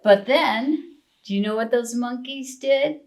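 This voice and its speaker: A woman librarian reading a picture book aloud to young children, expressive and asking them questions. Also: on the high side, low-quality recording. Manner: slow, sing-song, expressive, asks children questions. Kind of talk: preschool storytime reading.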